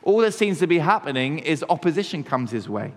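A man, a pastor, preaching a sermon in a measured, conversational way, slowing down to stress key words. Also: on the high side, sing-song. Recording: long hall reverb.

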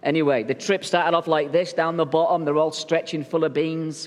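A man's voice: fairly high pitch, steady tone, normal speed, long reverb tail. A male pastor preaching a sermon in a church, telling stories in a jokey, conversational way. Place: church sanctuary.

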